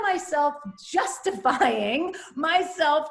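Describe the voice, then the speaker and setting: High-voiced animated woman telling her story. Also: normal speed, roomy sound. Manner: animated, acts out quoted voices. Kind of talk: candid personal storytelling.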